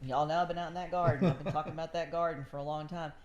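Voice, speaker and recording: Middle-aged woman, low voice, chatty and animated podcast host. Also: very fast, muffled recording. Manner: chatty storyteller, animated, says y'all. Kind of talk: casual chat.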